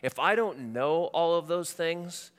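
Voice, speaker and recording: A man preaching a sermon to a congregation, swinging from loud animated stretches to quiet, intimate ones. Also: on the high side, takes it slowly, in a large hall. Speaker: pastor.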